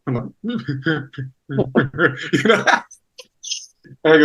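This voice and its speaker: A man's voice: a little high, expressive, very slow, long pauses, a bit bright, husky, low-quality recording. A man talking as a guest actor in a casual interview, rambling with many restarts and fillers.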